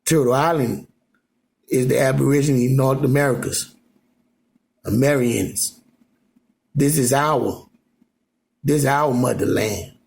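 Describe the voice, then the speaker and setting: A man vlogs loosely to his phone camera at home in Alaska, rambling and repeatedly saying "you know what I'm saying." His medium-pitched voice is slow, creaky and darkish, with frequent pauses.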